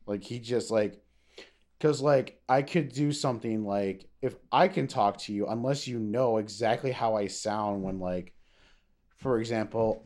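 A man's voice: fairly low pitch, measured pace, a little mellow. Rambling, swearing young man on a podcast. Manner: rambling, swears a lot, many fillers. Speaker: podcast co-host. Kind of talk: casual podcast chat.

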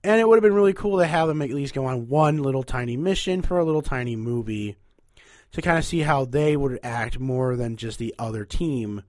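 A man's voice: medium pitch, brisk, a little mellow, dry recording, studio quality. A young man with a nasal voice hosting a casual, rambling podcast where he ranks movies. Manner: chatty, rambling, upbeat. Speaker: podcast host.

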